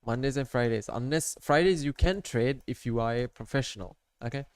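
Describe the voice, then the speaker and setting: A man's voice: medium pitch, fairly even intonation, a little fast, hardly any pauses, dry recording. A man talking viewers through his trading charts in a loose, casual screen-share tutorial, rambling and peppering his talk with "like", "okay?" and "right?". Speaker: amateur trader showing his charts.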